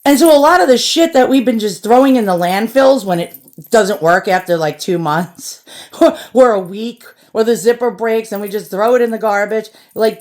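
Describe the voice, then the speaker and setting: A woman's voice: on the high side, darkish tone. A woman in a blunt, profane, casual rant to camera, unboxing and chatting with her viewers. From United States. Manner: blunt and profane, addresses viewers as "boys and girls". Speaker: shopping vlogger. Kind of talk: casual ranting chat to camera.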